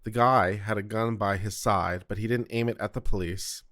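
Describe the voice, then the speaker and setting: A man's voice: on the low side, fairly even intonation, moderate pace, a bit bright, dry recording, clean studio sound. A man from South Carolina hosting a casual commentary on court audio, chatty and digressive with jokey asides. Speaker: host reacting to court audio.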